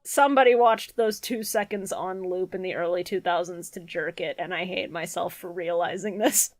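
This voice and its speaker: A woman's voice: fairly low pitch, moderate pace, dry recording. A woman co-hosting a casual comedy podcast, swearing freely and laughing through her riffs. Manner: laughing, profane, riffs in silly voices. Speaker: podcast co-host.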